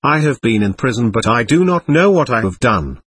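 Guy reading a suspicious stubborn ghost, husky voice, swoops up and down a lot. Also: mid-range voice, sing-song, moderate pace, a bit bright. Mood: bewildered. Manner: defiant, suspicious and bewildered. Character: indignant confused ghost of a dead adult, hostile. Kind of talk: reading a dialogue aloud.

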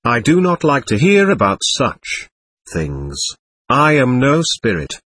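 Defiant bewildered ghost, read by a man, husky, lively pitch, dry sound. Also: slow pace, no room sound, heavily acted. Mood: indignant. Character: indignant confused ghost of a dead adult, hostile. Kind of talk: reading a dialogue aloud.

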